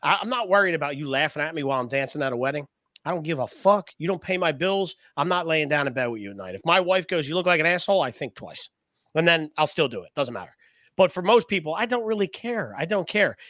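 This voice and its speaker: A man's voice: fairly high pitch, fast talker, no echo. A man, co-hosting a casual round-table podcast, telling stories with swearing and laughter. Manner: animated storyteller, swears freely, laughs often. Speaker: podcast co-host.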